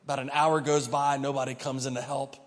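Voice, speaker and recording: A man's voice: medium pitch, level tone, fairly quick. A man pastor giving a conversational sermon, telling the story vividly and asking the congregation questions. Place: church sanctuary. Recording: reverberant church hall.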